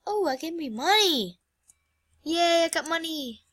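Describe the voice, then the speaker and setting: A woman's voice: very high voice, animated, a little slow, fairly bright tone, no room sound. A young woman hosting a casual let's-play, flustered and exclaiming as she plays. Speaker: gameplay channel host.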